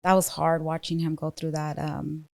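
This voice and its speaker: Lady guest on a podcast, kinda low voice, telling her story earnest and halting. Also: flat delivery, gravelly. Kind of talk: casual chat.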